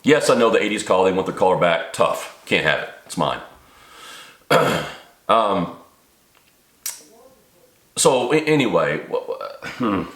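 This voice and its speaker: A man's voice: low-pitched, sing-song, unhurried, long pauses, a bit bright. A middle-aged man ranting to camera in an agitated monologue, his voice climbing sharply when he gets worked up. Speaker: video maker. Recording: echoey room.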